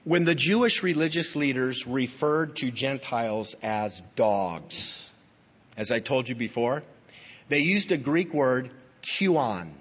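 A man's voice: medium pitch, slow, fairly bright tone, breathy edge. A man preaching a sermon as pastor, emphatic and teaching, speaking straight to his listeners. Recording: dull, lo-fi recording in a reverberant hall.

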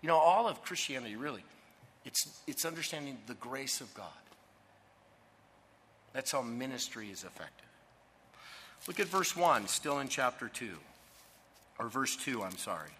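A man preaching a sermon in a forceful, bright voice that rings through a large hall with a long reverb. He drives his points home with emphasis and keeps asking the congregation to finish his phrases. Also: mid-range voice, lively intonation, normal speed, pauses often, slight background noise. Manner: emphatic, asks the congregation to fill in words.

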